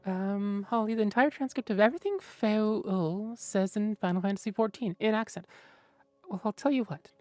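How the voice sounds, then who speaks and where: A woman's voice: medium pitch, moderate pace, darkish tone, dry recording. A woman streamer chatting casually with viewers, rambling and mumbling to herself with lots of fillers.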